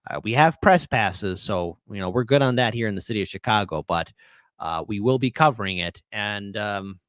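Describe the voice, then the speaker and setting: A man hosting a livestream with political commentary, ranting in an animated, sarcastic way. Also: lowish voice, clean tone, no echo, clean studio sound.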